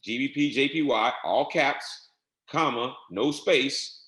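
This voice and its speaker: A man's voice: medium pitch, slow pace, fairly bright tone, reverberant. Man giving a casual trading tutorial. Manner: casual, repetitive step-by-step instructions. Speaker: trading instructor. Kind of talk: screen-share software tutorial.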